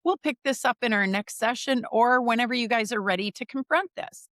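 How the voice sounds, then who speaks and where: A woman's voice: on the high side, a little fast, no echo, studio quality. A middle-aged woman from the US Midwest, a leadership coach telling stories in conversation and acting out the quoted lines. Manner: animated, acts out quoted dialogue. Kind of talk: conversational storytelling.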